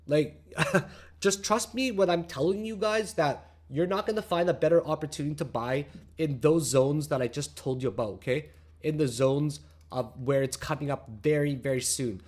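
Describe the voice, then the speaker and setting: A man hosting a crypto trading channel, giving crude, profane market commentary that swings between mocking rants at his viewers and calmer chart explanations. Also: normal speed. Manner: brash and crude, shouting and laughing at viewers; calmer, lower explanatory tone while reading charts.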